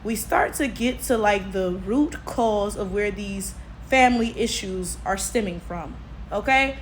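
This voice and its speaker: A young woman giving animated, profane reaction commentary, punctuating points with "okay?" and "right?". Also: mid-range voice, measured pace, slight background noise. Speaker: commentary vlogger.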